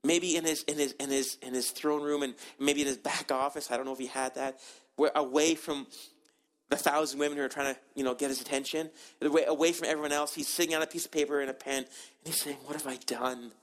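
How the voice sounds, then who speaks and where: A man's voice: a little high, flat delivery, fast. A man preaching a sermon, earnest and emphatic, with frequent restarts. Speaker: pastor.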